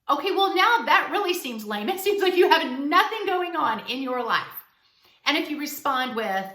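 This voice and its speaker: Emphatic woman giving bright, roomy advice. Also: high voice, animated, moderate pace. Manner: emphatic, direct, coaching tone. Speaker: relationship advice vlogger. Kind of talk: casual direct-to-camera advice. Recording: roomy echo.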